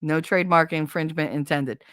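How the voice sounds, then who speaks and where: A woman's voice: deep voice, a little fast, a bit bright, dry recording, clean studio sound. A woman livestreaming on her own channel, chatting casually in a blunt, profane, rambling way. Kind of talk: casual stream chat. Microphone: desk microphone.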